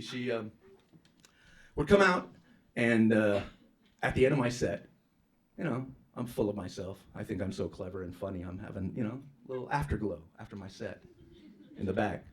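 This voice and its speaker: A male stand-up comedian doing a profane, brash set on stage, jumping into loud mocking voices for punchlines. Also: fairly low pitch, normal speed, long pauses. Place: comedy club stage with live audience. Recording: live club recording with audience noise.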